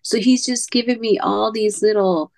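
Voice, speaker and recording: A woman as a podcast guest, telling a personal story in a halting way, repeating words and sometimes dropping to a near-whisper. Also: a little high, steady tone, gravelly, a little mellow.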